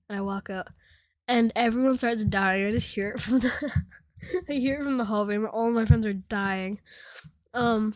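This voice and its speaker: A woman's voice: mid-range voice, no echo. Rambling teen girl telling a story. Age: teens. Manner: rambling, filler-heavy, giggly storytelling. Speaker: storytime vlogger. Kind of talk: casual story time.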